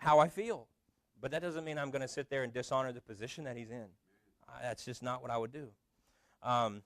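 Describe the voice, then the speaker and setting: Pastor, male, sermon delivery, slightly high voice, dry close sound, chatty with many ums. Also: a bit bright, dry recording. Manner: conversational preaching with frequent fillers and restarts.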